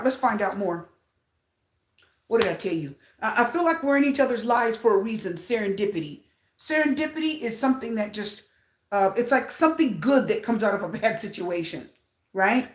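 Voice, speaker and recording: A woman reads tarot cards for her viewers in a casual, talkative way. She repeats points and keeps asking if they heard her. Her voice sits a little high and rings in a roomy echo. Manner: chatty, repeats herself, asks viewers questions. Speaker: tarot reader.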